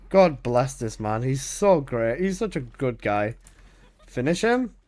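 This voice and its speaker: A man streaming a game, chatting casually with teasing, excitable banter, repeating himself and swearing freely. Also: medium pitch, slow, long pauses. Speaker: gaming streamer.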